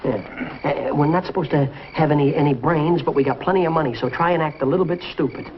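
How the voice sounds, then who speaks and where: In muffled old TV audio with audience sounds and noise, a man plays the lead in a vintage sitcom. He talks quickly in a slightly high voice, giving an eager, bossy pep talk.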